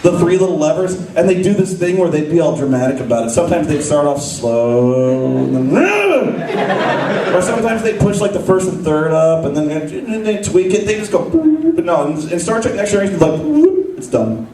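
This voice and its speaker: A man doing live stand-up comedy on a convention stage, ranting with animated, profane energy. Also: high-pitched, fast, few pauses, a loud crowd. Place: convention stage, large hall. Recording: echoey hall recording, mic far off. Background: audience laughing.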